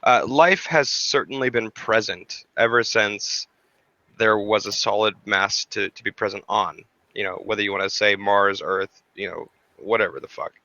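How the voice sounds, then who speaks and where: A man's voice: lowish voice, moderate pace, pushed and bright, dry recording, muffled recording. A man chatting casually about space and history, rambling with fillers, restarts and casual swearing. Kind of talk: casual chat.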